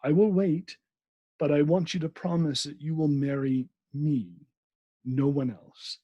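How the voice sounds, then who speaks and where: A man's voice: on the high side, measured pace, husky, no room sound, lo-fi sound. A man reading aloud, voicing an ardent young English doctor who speaks earnestly and pleadingly.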